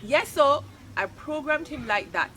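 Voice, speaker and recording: A woman voicing an excited young boy inventor with a Jamaican accent, high and loud. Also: a little slow, slight background noise, rough recording.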